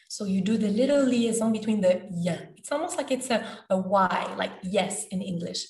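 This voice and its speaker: A woman's voice: mid-range voice, animated, a little mellow. Patient woman teaching sounds. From Quebec. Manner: patient, demonstrates sounds slowly. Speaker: French pronunciation teacher. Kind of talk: podcast lesson. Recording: roomy, from a distance.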